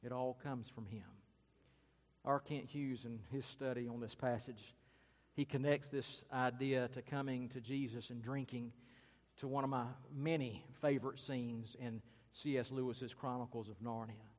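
A man's voice: mid-range voice, fairly even intonation, moderate pace, big-room sound. A man preaching a sermon and telling a story earnestly and dramatically. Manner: earnest, dramatic, varies loudness and pace. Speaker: pastor.

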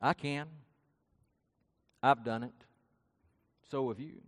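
A man's voice: mid-range voice, fairly even intonation, slow. A man preaching a sermon, telling the story dramatically and acting out the quoted lines with rising and falling force. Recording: long hall reverb.

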